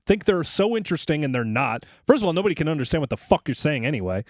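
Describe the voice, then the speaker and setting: A man's voice: a little high, sing-song, fast talker, dry recording, studio quality. A man co-hosting a podcast, ranting crudely with exaggerated mock anger. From Boston area, US. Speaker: podcast co-host. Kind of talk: profane comedic rant.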